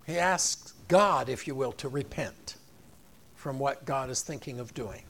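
A man preaching a sermon in an animated way, acting out the voices of the people in the story. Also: medium pitch, unhurried. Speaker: pastor.

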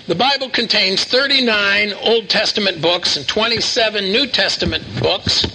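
A man's voice: high voice, measured pace, pushed and bright, slight background noise, low-quality recording. An older man preaching a sermon in a folksy storytelling manner, full of asides and repeats. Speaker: pastor.

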